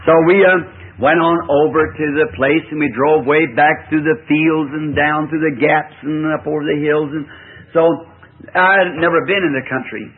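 A man's voice: a little high, steady tone, moderate pace, husky. A man, a preacher telling a rambling folksy story in a sermon. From the American South. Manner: folksy, rambling anecdotal delivery with chuckles. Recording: tinny old lo-fi recording.

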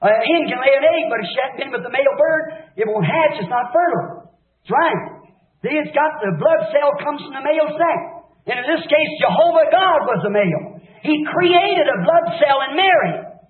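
High-voiced fiery preacher, tinny echoey tape. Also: male voice, lively intonation, moderate pace. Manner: fervent, swings between shouting and hushed lows. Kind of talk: impassioned revival sermon.

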